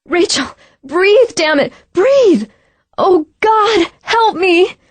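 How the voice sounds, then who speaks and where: A frantic young woman pleads and screams through tears, her voice leaping high and cracking with panic, as a woman narrator puts her on. Each cry is close and dry, with no room around it. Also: moderate pace, no echo, close to an everyday voice. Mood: desperate, tearful. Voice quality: cries and shouts in panic. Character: frantic woman trying to revive her friend. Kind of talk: audiobook character voice.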